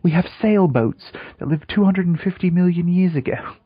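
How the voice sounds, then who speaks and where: A man's voice: high-pitched, moderate pace, slightly rough, dry recording. A man co-hosting a podcast in casual comedic chat, dry and sarcastic, swearing. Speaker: podcast co-host. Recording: dull lo-fi audio.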